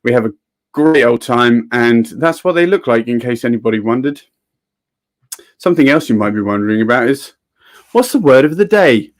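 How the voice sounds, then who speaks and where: A man from England hosts a livestream, chatting casually and reading viewers' comments aloud. His medium-pitched voice has lively intonation and a moderate pace.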